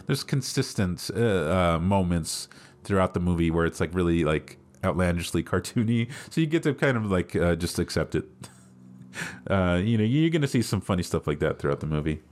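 Man, podcast host, casual film chat, lowish voice, keeps laughing. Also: very animated, a little fast, darkish tone. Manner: laughs often while retelling scenes.

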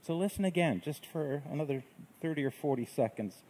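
A man preaching a sermon in a gentle, reflective way, with unhurried phrasing. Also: a little high, expressive, breathy edge, low-quality recording. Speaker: pastor.

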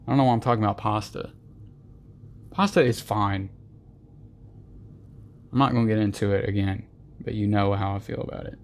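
A man's voice: on the low side, fairly even intonation, fairly quick, pauses often. A man hosting a podcast who rants in an emphatic, exasperated monologue. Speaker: podcast host. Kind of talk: ranting monologue.

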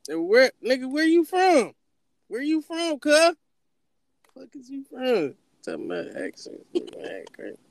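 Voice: high-pitched, big pitch swings, unhurried. A comedy podcast host teasing and laughing through crude banter.

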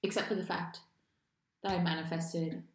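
A woman's voice: on the low side, level tone, normal speed. A woman co-hosting a casual podcast chat, laughing a lot and swearing casually. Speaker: podcast co-host. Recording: echoey room.

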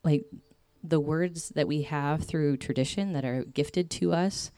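A low, warm-toned young woman speaks to a group about faith in a loose, chatty way, full of fillers and side tangents. The sound is dry and close, with no room echo. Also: measured pace, clean tone. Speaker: speaker giving a faith talk. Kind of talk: casual faith talk to a group.

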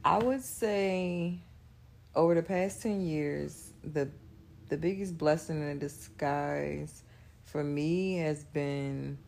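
A woman in her thirties chatting casually with her partner, slow and thoughtful, pausing to find her words. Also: sits low, gravelly, a little mellow. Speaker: co-host in a couples question chat. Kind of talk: casual chat.

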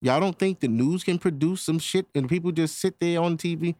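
A man's voice: a little high, brisk, darkish tone, no room sound. A man hosting his own podcast, ranting casually and profanely straight to his listeners. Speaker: podcast host. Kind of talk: casual solo podcast rant.

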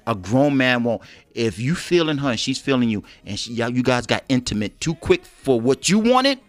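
A man's voice: medium pitch, sing-song, moderate pace, no room sound. A man co-hosting a casual talk show, talking in slang and laughing often. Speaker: co-host. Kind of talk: casual chat show banter.

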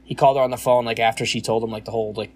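A man's voice: medium pitch, steady tone, very fast, a little mellow, slightly rough. A young man co-hosting a podcast, venting in a rambling casual chat full of fillers and frequent swearing. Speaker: podcast co-host.

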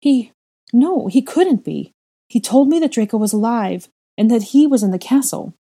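A woman voicing a desperate middle-aged aristocratic mother, pleading in a high, loud voice. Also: slow pace. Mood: frantic.

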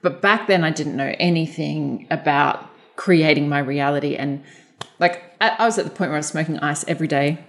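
A candid woman on a podcast, telling stories and cursing casually as she talks. Her voice is slightly low and relaxed in tone. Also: fairly quick. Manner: candid storytelling, swears freely. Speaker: podcast guest.

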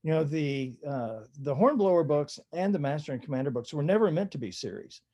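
An older man speaks as an author guest, his voice dark and mellow. He rambles through anecdotes in a relaxed way, full of small fillers and restarts. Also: a little high, brisk. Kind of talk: conversational interview storytelling.

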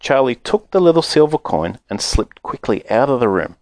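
A man narrating a children's book aloud in an expressive, animated way. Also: mid-range voice, moderate pace, dry recording, studio quality. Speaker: audiobook narrator. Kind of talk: storybook narration.

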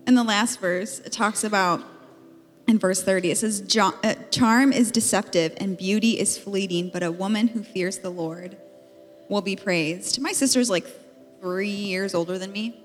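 A woman's voice: mid-range voice, moderate pace. A woman in her thirties giving a chatty, playful conference talk from a stage, reading scripture and telling stories about her life. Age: 30s. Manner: chatty and playful, with lots of "like" and laughter. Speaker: podcast co-host speaking at a marriage conference. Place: conference stage in a large hall. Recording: live hall recording with reverb and music under it.

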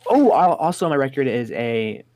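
A man's voice: medium pitch, sing-song, brisk, a little mellow. A young man telling a rambling, profane story in casual chat.

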